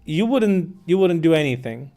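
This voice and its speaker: Blunt, mocking male streamer, higher voice. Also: lively intonation, normal speed, warm tone. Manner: blunt, swearing, mocking, incredulous. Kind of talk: casual live-stream chat reading viewers' comments.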